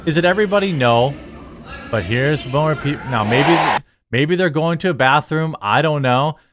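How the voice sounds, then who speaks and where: A man's voice: on the high side, animated, normal speed, heavy background noise. A middle-aged man hosting a political commentary channel, ranting in an indignant, sarcastic and emphatic way.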